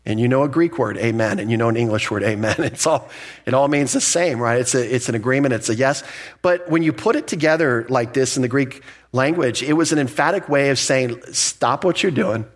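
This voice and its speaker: A middle-aged man pastor teaching verse by verse through scripture, conversational and emphatic, with asides and quick self-corrections. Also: mid-range voice.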